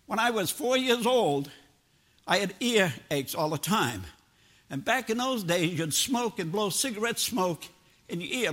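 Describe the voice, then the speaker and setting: A man's voice: high voice, sharp tone. An older man preaching a sermon in a homespun, plain-spoken way, mixing personal stories with scripture. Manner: homespun, plain-spoken, drops into everyday grammar.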